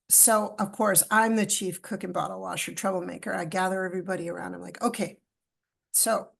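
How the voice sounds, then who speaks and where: Gravelly-voiced woman telling a story. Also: medium pitch, fast talker. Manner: animated storyteller, acts out dialogue. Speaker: podcast guest. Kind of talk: storytelling in a podcast interview.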